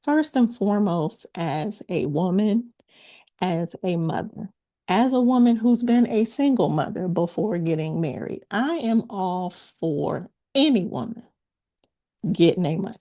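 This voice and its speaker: Casting note: female host in her thirties, measured, builds arguments in numbered points. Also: lowish voice, expressive, warm tone. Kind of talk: casual sports talk.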